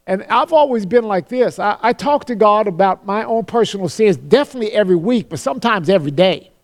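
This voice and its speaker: An earnest man preaches a sermon in a high, expressive voice. He slows down to quote scripture solemnly and often repeats words as he starts a phrase.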